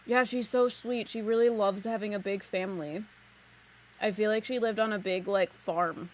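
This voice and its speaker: A woman giving a psychic reading on a live stream from her desk at home. She rambles in a loose, giggly way and fills her sentences with casual filler words. Her voice sits in a middle pitch. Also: fairly even intonation, normal speed. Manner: chatty, giggly, lots of "like" fillers. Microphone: desk mic on a live stream.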